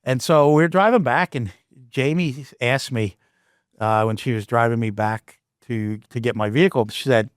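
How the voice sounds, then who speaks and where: A man of middle pitch tells a personal story in a lively, casual way. He breaks off and restarts his sentences often and throws in asides. The recording is dry and close, with no room sound. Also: normal speed, dry recording. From Canada. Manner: animated, with frequent restarts and asides. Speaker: podcast host.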